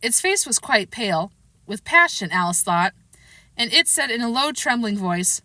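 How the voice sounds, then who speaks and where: A woman reading a children's classic aloud in a lively, expressive way. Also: fairly high pitch, moderate pace, no echo. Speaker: storybook reader.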